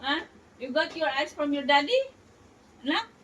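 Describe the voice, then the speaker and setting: A young adult Filipino woman vlogging at home, chatting casually and cooing softly to her small child in between talk to her viewers. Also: high-pitched, animated, normal speed, slight background noise, low-quality recording. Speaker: vlogger and mother. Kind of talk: casual home vlog chat.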